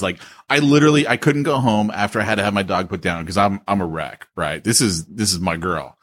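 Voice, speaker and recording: A man co-hosting a podcast in casual chat, emphatic and animated, often saying "dude". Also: on the low side, moderate pace. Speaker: podcast co-host.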